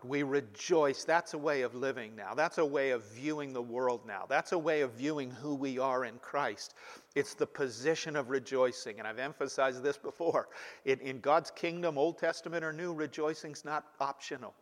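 A man's voice: medium pitch, moderate pace. A man preaching an expository sermon as pastor, emphatic and repeating key words with frequent "you see". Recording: long hall reverb.

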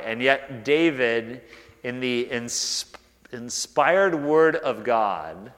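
Male pastor, relaxed conversational sermon, mid-pitched voice, long hall reverb. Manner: conversational, self-deprecating, with many restarts and fillers.

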